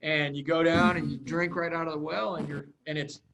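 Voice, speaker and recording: A man with a slightly raised pitch chats on a podcast. He hesitates a lot and fills pauses with "uh" and "um". When he is teased, he defends himself. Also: fairly even intonation, creaky, noisy background. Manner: hesitant, many fillers, defensive. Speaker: podcast co-host. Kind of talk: casual chat.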